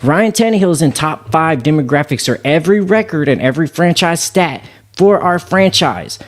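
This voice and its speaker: A man's voice: fairly high pitch, expressive, moderate pace. A man co-hosting a sports podcast, arguing his points in an earnest, ranting way. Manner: earnest, ranting fan talk. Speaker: podcast co-host. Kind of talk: casual sports podcast chat.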